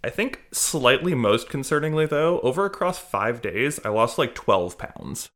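Bright-voiced man hosting a podcast. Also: medium pitch, expressive, a little slow. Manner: rambling, repeats words when starting sentences. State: voice still off after illness. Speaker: podcast host. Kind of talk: casual podcast chat.

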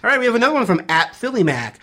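A woman co-hosting a podcast in casual chat, reading listener messages and teasing her partner in a dry, relaxed way. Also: on the high side, racing. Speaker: podcast co-host.

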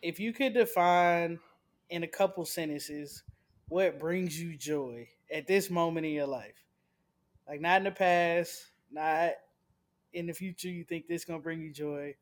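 A man's voice: on the high side, a little slow. A man in a casual chat, easygoing and asking the group questions.

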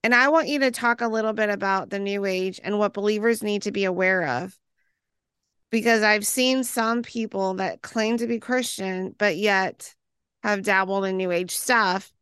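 Woman host with a smooth, dry voice. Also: medium pitch, normal speed, fairly bright tone, no room sound. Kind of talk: interview chat.

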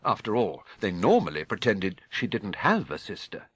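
A British man narrating an audiobook with expressive, measured storytelling. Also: lowish voice, slightly rough, dry recording. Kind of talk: scripted narration.

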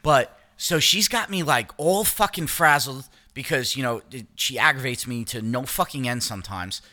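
A man's voice: mid-range voice, normal speed, bright, forceful tone. A middle-aged man telling a long story in casual podcast chat, rambling and swearing, often restarting his sentences. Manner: rambling, profane, self-interrupting. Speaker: podcast co-host.

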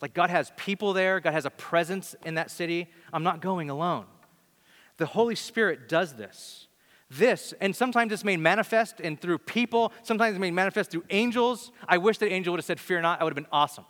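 A man preaching a sermon and telling a story in an animated, conversational way, with frequent restarts. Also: sits high, fairly quick. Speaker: pastor. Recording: long hall reverb.

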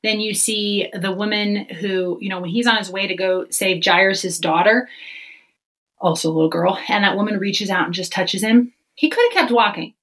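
A woman on a faith podcast, talking fast and animated and acting out the voices she quotes. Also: medium pitch, poor audio. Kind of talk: casual faith podcast chat.

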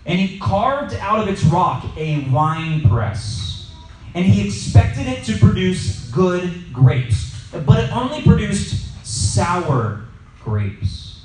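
This man's voice sits high and moves slowly as he leads a relaxed Bible study, weaving in stories and quizzing the group in a lively way. Slight background noise comes through, and the distant mic picks up an echoey room.

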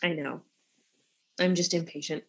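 A woman's voice: low-pitched, fairly even intonation, unhurried, husky. A woman co-hosting a casual book podcast, amused, laughing often as she talks. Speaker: podcast co-host. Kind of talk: casual chat about books.

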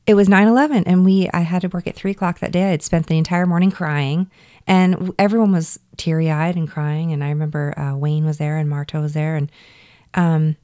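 A woman with a fairly low voice is a guest on a casual podcast. She tells her stories expressively, and her pitch leaps up when she is exasperated. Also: fairly even intonation, a little fast, mellow. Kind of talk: casual chat.

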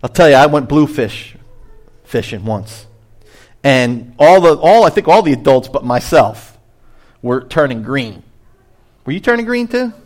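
A man preaching a sermon as pastor, animated, rising high to stress a point and dropping low on asides. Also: unhurried, long pauses.

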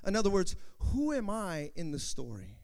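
Guy preaching a sermon, high voice that jumps all over, loud then hushed. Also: huge pitch swings, moderate pace. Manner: talks to the congregation directly. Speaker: pastor.

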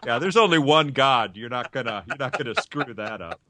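A man's voice: medium pitch, animated, brisk, bright, forceful tone, a little hiss or hum. A man co-hosting a comedy podcast, tossing in dry wisecracks. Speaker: podcast co-host. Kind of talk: comedic banter.

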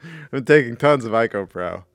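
A man co-hosting a podcast in casual chat, laughing often and breaking into loud impressions. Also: medium pitch, lively intonation, normal speed, no room sound, clean studio sound. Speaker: podcast co-host.

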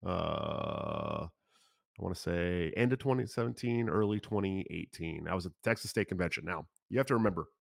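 A man in his thirties telling a long story in a casual, profane, animated way, talking fast and often swearing. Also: low voice, vocal fry. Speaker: political candidate.

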